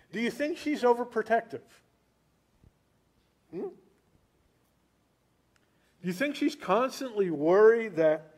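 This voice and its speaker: A man with a high voice preaches a sermon, telling stories with lots of life and asking his listeners rhetorical questions. His delivery is animated and conversational.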